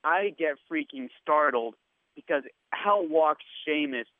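A man telling a story as a radio station worker on a podcast, animated and acting out what people said. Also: a little high, unhurried, no room sound. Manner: animated storyteller who acts out quotes. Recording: tinny phone line.

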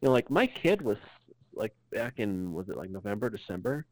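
A man's voice: lowish voice, sing-song, a little fast, dry recording, low-quality recording. A man from Utah co-hosting a podcast, chatting casually in a laid-back way with plenty of fillers. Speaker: podcast co-host. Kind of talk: casual chat.

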